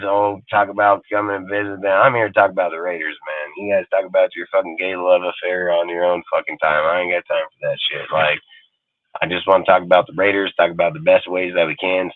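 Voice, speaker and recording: A man's voice: deep voice, no room sound. Profane ranting man on a tinny line. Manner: profane, emphatic, repetitive. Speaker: sports podcast host. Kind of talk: heated casual rant. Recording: dry, phone-like line.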